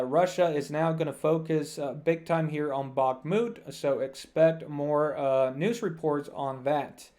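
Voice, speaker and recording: A man's voice: on the high side, a little mellow. A man giving casual news commentary to his viewers over a map, talking loosely with many "uh" fillers and calling the audience "guys".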